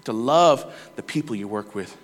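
A man's voice: medium pitch, expressive, moderate pace. A man preaching a conversational sermon in a church, earnest and personal, with stories from his workday. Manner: earnest, conversational, with quoted voices and laughter. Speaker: lay preacher. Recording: long hall reverb.

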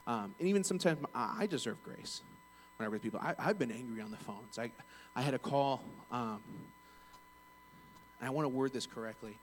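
A man's voice: medium pitch, animated, brisk, slight background noise, rough recording. A man who works in bank customer service, telling a personal story in a casual, earnest, rambling way with many restarts.

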